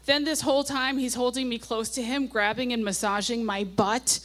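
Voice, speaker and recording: A woman's voice: on the high side, fairly even intonation, normal speed, few pauses, fairly bright tone. A woman in her forties on a nightclub stage, reading her teenage diary aloud into a microphone, with wry asides and passages read with mounting gusto. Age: 40s. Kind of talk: live comic diary reading. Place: stage at a nightclub before an audience.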